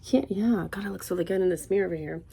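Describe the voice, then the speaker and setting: Quick and low-pitched, with vocal fry and a breathy edge, a young Florida woman's voice carries her casual makeup tutorial. The beauty vlogger is animated and rambling, exclaiming often before murmuring quietly as she applies.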